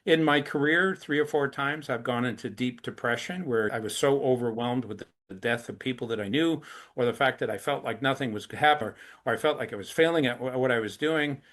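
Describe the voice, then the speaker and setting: A middle-aged anti-trafficking activist, a guest in a conversational interview, earnestly explains hard subjects through step-by-step examples. His voice is mid-range, brisk, and a bit bright.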